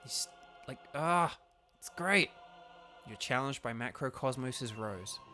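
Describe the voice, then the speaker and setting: A man's voice: medium pitch, expressive, unhurried, bright, forceful tone, soft background music. A man streaming a game, enthusiastic and rambling, with many fillers. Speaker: gaming streamer and voice actor. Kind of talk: casual gameplay commentary.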